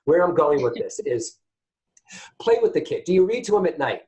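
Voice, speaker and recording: A man hosting a call-in psychic reading show, chatty and animated, often turning to address his listeners. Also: on the high side, moderate pace, low-quality recording. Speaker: psychic medium host.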